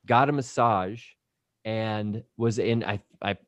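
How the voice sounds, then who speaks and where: Male podcast host, casual animated storyteller, does quick voices, dry booth sound. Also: lowish voice, no room sound.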